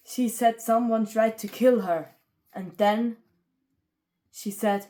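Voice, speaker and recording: A woman narrating a homemade fan story, halting with pauses and fillers. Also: fairly high pitch, steady tone, mellow.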